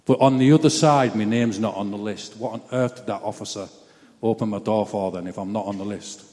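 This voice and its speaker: A man's voice: on the low side, brisk, darkish tone, long reverb tail. A man giving a personal testimony in a chatty, blunt, self-mocking storytelling way.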